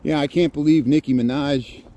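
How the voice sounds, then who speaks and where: A man's voice: a little high, fairly even intonation, normal speed, dark tone. A middle-aged man from rural Indiana with a Midwestern accent, rambling casually as a live streamer on a walk through a snowy park. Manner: rambling, chatty, chuckles often. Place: outdoors in a snowy city park.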